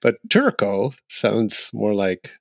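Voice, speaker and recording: Podcast co-host, man with a lowish voice, dry close sound, rambling and jokey. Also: big pitch swings, slow, vocal fry, no echo. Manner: rambling, jokey, muses aloud with many fillers. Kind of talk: casual chat.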